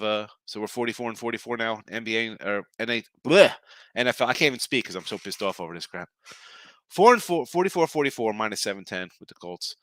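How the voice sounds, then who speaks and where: An older man hosting a sports betting podcast, ranting sarcastically and gruffly before running through his daily picks. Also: fairly low pitch, sharp tone, no room sound.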